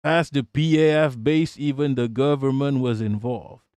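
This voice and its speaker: A man's voice: mid-range voice, moderate pace, a little mellow, clean tone, dry recording. Blunt, profane man streaming live. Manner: profane, blunt, laughs often. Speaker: live-stream political commentator. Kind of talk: casual live-stream commentary reading chat.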